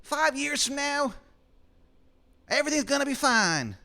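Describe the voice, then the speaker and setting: A shrill whiny falsetto guy. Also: lively intonation, a little slow, gravelly, heavily acted. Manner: high strained falsetto, shouting. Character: whiny wounded man, high shrieking voice.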